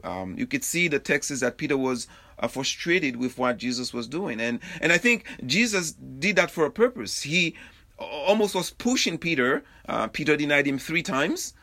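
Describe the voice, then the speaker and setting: A man preaching a sermon in a halting way, with many fillers and restarts and frequent chuckles. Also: on the high side, very animated, sharp tone. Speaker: pastor.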